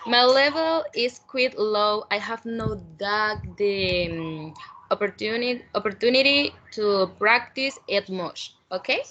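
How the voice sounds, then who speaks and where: A nervous woman, haltingly introducing herself in English as a student. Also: medium pitch, expressive, fairly bright tone, muffled recording. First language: Spanish. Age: 20s. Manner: nervous, halting, laughs often. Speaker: language student. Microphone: video call.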